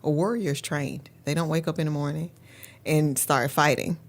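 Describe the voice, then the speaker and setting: A woman's voice: low-pitched, fairly even intonation, moderate pace. A woman, a parent coach and educator, speaking as a guest and telling personal stories in an earnest way. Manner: earnest, often says "literally". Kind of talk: personal storytelling in an interview.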